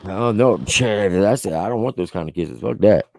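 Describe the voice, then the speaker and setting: A man's voice: fairly low pitch, normal speed, gravelly, darkish tone, dry recording. A man hosting his own show, telling a heated story in a casual, profane way. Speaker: show host. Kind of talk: heated casual livestream rant.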